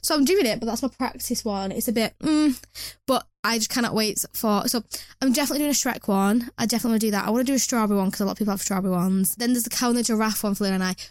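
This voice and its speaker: Young woman hosting a solo chat podcast, quick and rambling, slightly high voice, dry close mic. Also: no echo. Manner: chatty, rambling, self-mocking, frequent restarts. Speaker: podcast host. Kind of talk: casual chat.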